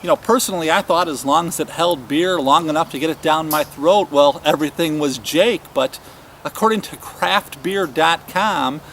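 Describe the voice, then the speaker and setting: A man's voice: on the high side, moderate pace, a bit bright, slight background noise. A man hosting a show, delivering a sardonic comedic monologue in a wry, mock-scolding way. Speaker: show host.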